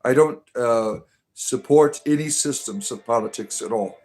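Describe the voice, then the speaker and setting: A man's voice: medium pitch, a little slow, a little mellow. A middle-aged man hosting a casual livestream, reading chat aloud and answering with sarcastic, mock-preachy remarks and frequent filler words.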